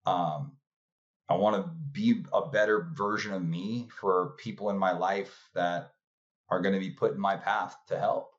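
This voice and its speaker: A man from California tells his story in an easy, rambling way, full of fillers, and slips into quoted voices along the way. His voice sits low. The sound is dull and lo-fi. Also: steady tone, unhurried. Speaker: guest. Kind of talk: casual storytelling.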